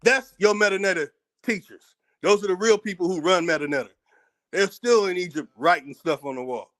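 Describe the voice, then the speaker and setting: A man's voice: sits high, fairly quick, a bit bright. An American man hosting his own channel, delivering a heated, profane commentary rant, combative and repeating words as he gets worked up. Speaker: channel host.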